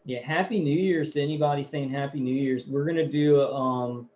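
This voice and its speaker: A man hosting a casual livestream, reading viewer comments aloud between loose, hesitant asides. He talks at an ordinary middle pitch with frequent ums and restarts. The audio is muffled and lo-fi, with a faint hiss underneath. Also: steady tone, a little fast. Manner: rambling, hesitant, many fillers.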